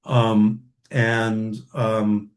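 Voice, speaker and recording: A man, a family therapist, lecturing to trainees and telling case stories in a halting way with many fillers and restarts. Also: lowish voice, monotone.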